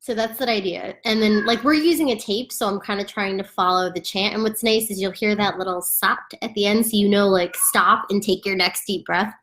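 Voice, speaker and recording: A yoga instructor teaches a chant to beginners at home, chatting casually, laughing often and demonstrating the sounds. Her mid-range voice is steady and a bit bright, and she talks a little fast with hardly any pauses.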